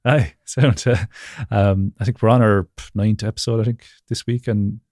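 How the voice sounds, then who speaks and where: Guy, young, lowish voice, loose rambling guest who laughs a lot, dry close sound. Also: fairly even intonation, normal speed, a little mellow, no echo. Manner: rambling, laughs often, many fillers. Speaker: podcast guest. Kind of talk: casual interview chat. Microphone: video call.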